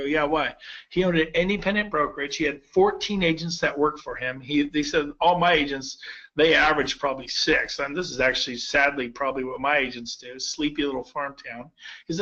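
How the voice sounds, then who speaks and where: Fifties guy doing a sales pitch, bright punchy voice, kinda dull lo-fi sound. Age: 50s. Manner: energetic, persuasive storytelling with quoted dialogue. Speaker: real estate agent recruiting.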